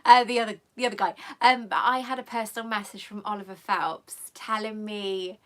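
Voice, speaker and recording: A woman's voice: medium pitch, fairly even intonation, normal speed. A woman hosting a live stream, chatting affectionately with viewers in a rambling, emotional way and coming close to tears. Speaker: channel host.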